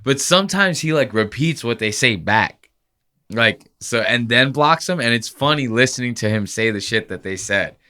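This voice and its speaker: Man, podcast host, crude joking banter, bright forceful voice. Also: mid-range voice, expressive, normal speed. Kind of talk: casual chat.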